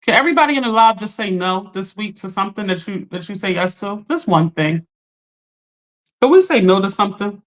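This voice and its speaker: A woman's voice: medium pitch, animated, fairly quick. A woman hosting a casual coaching livestream, talking straight to her viewers in a chatty, direct way.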